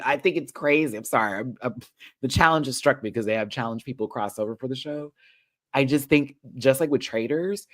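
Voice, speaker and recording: A man hosting a reality TV recap show, ranting in a sassy, animated way and swearing freely. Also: mid-range voice, normal speed.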